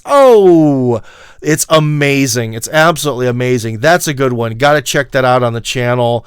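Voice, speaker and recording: Livestream host: Midwestern American man, rambling and emphatic, smooth dry voice, close to the mic. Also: medium pitch, normal speed, no room sound. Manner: rambling, many fillers, emphatic asides to viewers. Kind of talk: casual livestream monologue.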